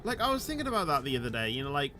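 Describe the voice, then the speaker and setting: A man's voice: fairly high pitch, big pitch swings, very fast, pushed and bright, soft background music. A man chatting casually on a game livestream, rambling and peppering his sentences with "you know", his voice rising at the end of sentences. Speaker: game streamer.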